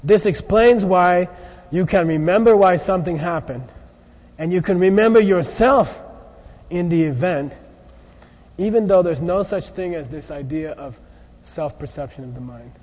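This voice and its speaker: A man teaching a lively philosophy lecture, acting out examples and constantly checking in with his listeners. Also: high voice, moderate pace. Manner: animated, often checks in with 'okay?'. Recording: muffled recording in a large echoey hall.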